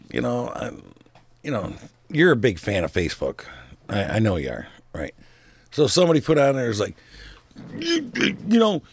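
A man's voice: medium pitch, no room sound. A man co-hosting a casual talk show, rambling and joking with frequent laughs. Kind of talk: casual chat.

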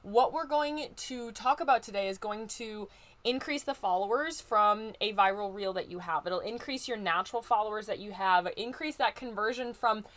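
A woman's voice: medium pitch, moderate pace, fairly bright tone. A woman with a Midwestern American accent hosting a solo business podcast, bubbly and chatty, talking to listeners like a close friend. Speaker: podcast host, business growth coach. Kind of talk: upbeat solo podcast chat.

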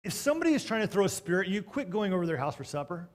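A man preaching a storytelling sermon, swinging between loud bursts and hushed moments, with joking asides to the congregation. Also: high voice, sing-song, very fast.

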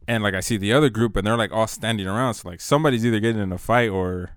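A man's voice: on the low side, very fast, dry recording, studio quality. A man telling profane stories from his school days in a laid-back casual chat, dropping "dude" constantly.

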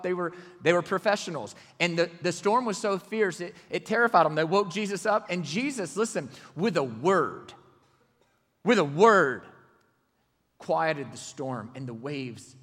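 Dramatic preacher man in a reverberant hall. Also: high-pitched. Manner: dramatic, swings from loud exclamations to hushed near-whispers. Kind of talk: sermon.

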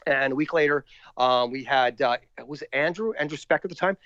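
A man, a musician and podcast guest, telling a story in a casual, animated way and slipping into voices for the people he quotes. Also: mid-range voice, dry recording. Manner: animated, acts out other people's lines in quick changing voices. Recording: dry, slightly dull lo-fi sound.

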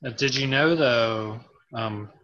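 Bright, chatty man laughing easily. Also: mid-range voice, slow, muffled recording. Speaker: podcast host. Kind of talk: casual podcast banter.

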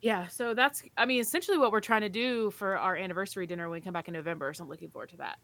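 A woman's voice: medium pitch, rapid-fire, a bit bright. Easygoing female podcast co-host. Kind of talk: casual chat.

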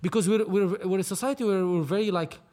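A man's voice: sits high, fast, mellow. A man from Lebanon, talking animatedly as a podcast guest, repeating himself as he goes. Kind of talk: casual conversation.

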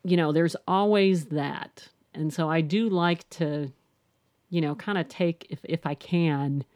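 A woman's voice: deep voice, a little slow, a little mellow, no room sound, studio quality. A middle-aged woman, a guest, telling her personal story candidly and reflectively, often restarting and saying "you know".

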